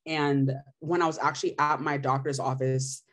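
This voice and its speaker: A woman's voice: rumbling low, little pitch movement, normal speed. A young woman in her twenties from Missouri, giving a candid, emotional personal testimonial full of "like" fillers. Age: 20s. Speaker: patient sharing her story.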